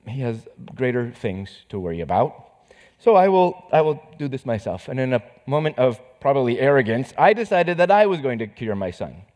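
A man preaching as a pastor, telling a personal story with emotion, moving from hushed words to forceful emphasis. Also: a little high. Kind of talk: sermon storytelling. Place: church stage. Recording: reverberant hall.

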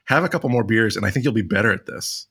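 A man's voice: lowish voice, fast, sharp tone, breathy edge. A man in his thirties running a casual trivia podcast round, rambling a bit and laughing often. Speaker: trivia quizmaster.

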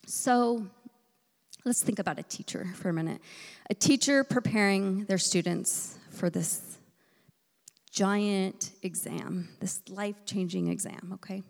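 A woman preaching a sermon in a church, telling a personal story, moving between loud emphasis and hushed near-whispers. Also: mid-range voice, gravelly. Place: church sanctuary. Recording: echoey hall reverb.

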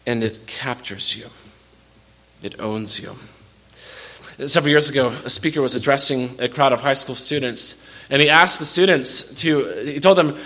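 A man's voice: mid-range voice, moderate pace, pushed and bright. A man preaching a sermon as pastor, earnest and direct, often repeating words as he restarts a phrase.

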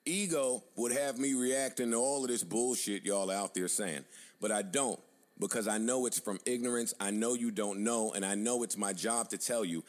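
Assertive man lecturing his critics. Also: lowish voice. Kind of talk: confident commentary.

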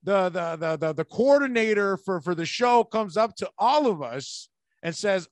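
A man with a high voice tells stories about his comedy gigs in a loose, animated way, slipping into the voices of the people he quotes. The recording is close and dry, with no room sound behind it. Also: moderate pace, no echo. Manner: animated storyteller, acts out quotes. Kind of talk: casual podcast chat.

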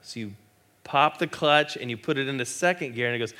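A middle-aged male pastor preaching a sermon in a church, animated and joking, acting out little quoted voices. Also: medium pitch, brisk.

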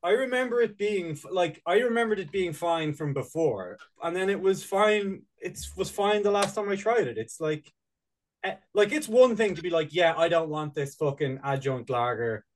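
A man's voice: high-pitched, animated, normal speed, poor audio. A man in casual podcast chat, rambling and laughing, with frequent swearing. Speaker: podcast co-host.

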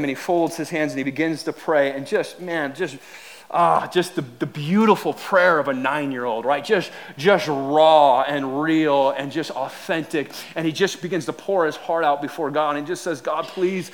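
A man in his thirties preaching a sermon as a pastor, telling a family story with lively acted-out dialogue and frequent restarts. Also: fairly high pitch, normal speed.

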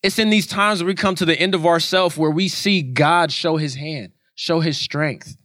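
A man's voice: on the high side, normal speed, a bit bright, no room sound, clean studio sound. A man preaching a sermon in an earnest way, repeating his points for emphasis.

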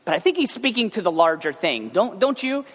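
A male pastor giving a conversational sermon, animated and joking as he talks to the congregation. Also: high-pitched, brisk. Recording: long hall reverb.

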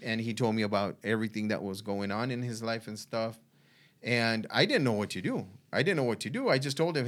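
A man, telling his faith testimony in a halting way, full of restarts and fillers. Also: on the low side, lively intonation. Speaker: guest sharing a faith testimony. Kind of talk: conversational storytelling.

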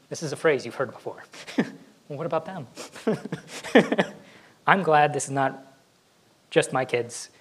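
A male pastor delivers a conversational sermon at medium pitch, laughing often and acting out what his kids say in their voices. The recording is rough.

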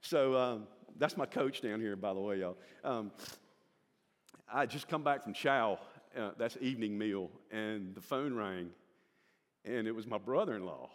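A man's voice: fairly low pitch, measured pace, big-room sound. Older Southern man telling his testimony. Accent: Southern American. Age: 60s. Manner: folksy storyteller, acts out the voices in his stories. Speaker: church member giving his testimony. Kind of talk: personal church testimony.

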